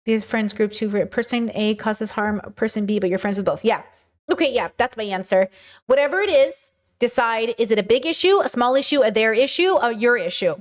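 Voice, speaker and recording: A woman's voice: fairly high pitch, fairly quick. A woman hosting a livestream, answering viewers' chat questions in an earnest, emphatic way.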